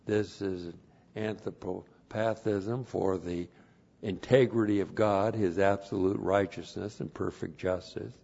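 A man preaching a Bible sermon at an unhurried, deliberate pace. He grows loud and emphatic on key phrases and drags out single words for stress. The recording sounds dull and lo-fi. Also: low-pitched, steady tone, vocal fry, husky. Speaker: pastor. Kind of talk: expository sermon.

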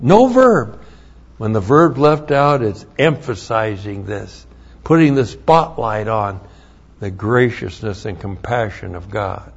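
A man preaching an expository Bible sermon, teaching slowly and deliberately with emphatic rises. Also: medium pitch, lively intonation. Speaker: pastor. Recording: dull lo-fi recording.

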